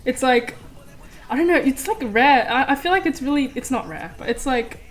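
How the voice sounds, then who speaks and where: A woman's voice: high-pitched, lively intonation, moderate pace. A woman co-hosting a live stream, chatty, with frequent swearing and restarts. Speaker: stream co-host. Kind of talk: casual live stream chat.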